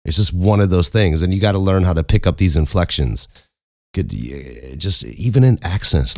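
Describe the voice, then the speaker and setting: Very deep-voiced Chicago man giving advice. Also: very animated, moderate pace, mellow, no echo, clean studio sound. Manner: candid, conversational, with frequent restarts. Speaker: podcast host and voice actor. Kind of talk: casual advice talk.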